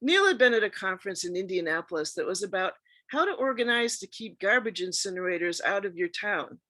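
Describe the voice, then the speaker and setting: Woman reading stories with lively, bright expression. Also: medium pitch, a little fast, no echo. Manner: expressive reading that acts out quoted speech. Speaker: radio show host. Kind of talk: scripted storytelling narration.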